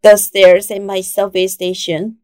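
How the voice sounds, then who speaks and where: Slow, emphatic woman preaching a sermon. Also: medium pitch, little pitch movement, dark tone, dry recording. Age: 40s. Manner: slow, emphatic preaching with rising quoted exclamations.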